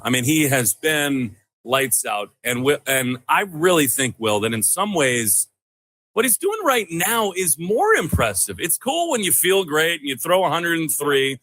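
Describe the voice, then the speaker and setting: Man, sports podcast co-host, lively swinging pitch, loud and hyped, dry close sound. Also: no room sound. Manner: loud, swearing, hyped celebration. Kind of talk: excited sports chat.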